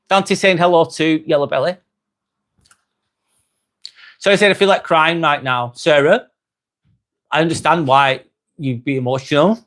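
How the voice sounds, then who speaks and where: A man's voice: on the high side, unhurried, pauses often, a bit bright. A young English man hosting a casual livestream, chatting and reading out viewers' comments with frequent fillers and repeated phrases. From England. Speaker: livestream host.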